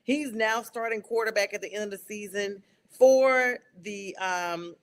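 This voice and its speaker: A woman from North Carolina with a Southern accent, hosting a casual sports talk show, chatty and quick to laugh. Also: mid-range voice. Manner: chatty, laughs often, animated asides.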